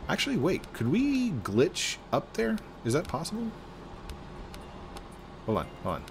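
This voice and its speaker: A man hosting a gaming video, playing along with jokey, excitable commentary and sudden exclamations. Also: a little high, unhurried, long pauses, background noise. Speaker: gaming channel host.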